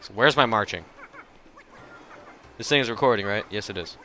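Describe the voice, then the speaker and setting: A man's voice: lowish voice, normal speed, pushed and bright, soft background music. A man hosting a let's play, giving casual, chatty and self-mocking commentary as he plays.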